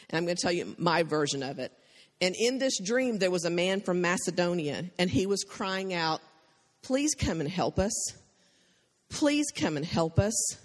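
A woman giving a church testimony, telling her story with emotion and frequent laughter. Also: fairly low pitch. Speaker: missionary speaker. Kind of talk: testimony sermon. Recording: long hall reverb.

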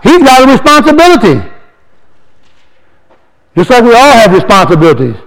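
A man giving an informal, earnest sermon to a congregation as a lay speaker, reading scripture slowly and putting questions to the listeners. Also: high-pitched, big pitch swings, poor audio. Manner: earnest and exhorting, reads verses slowly, asks the audience questions.

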